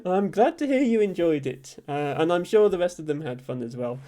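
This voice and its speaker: A young man streaming, reading chat messages aloud and thanking viewers, with frequent ums and soft laughs. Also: a little high, lively intonation, a little fast. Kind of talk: casual live-stream chat.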